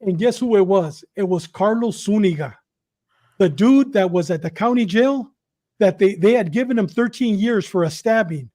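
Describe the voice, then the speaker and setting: Man, middle-aged, high voice, animated storyteller, acts out quotes. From Southern California. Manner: quick, repetitive retelling with acted quotes. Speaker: podcast guest telling his story.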